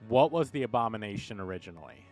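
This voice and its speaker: A man's voice: lowish voice, animated, fast, darkish tone, faint music behind. A man narrating and refereeing as game master in a tabletop role-playing session.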